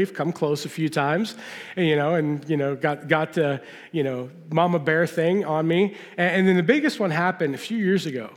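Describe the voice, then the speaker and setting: A middle-aged man preaching a sermon, telling folksy personal stories and asking the audience questions. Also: high-pitched. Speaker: pastor. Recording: long hall reverb.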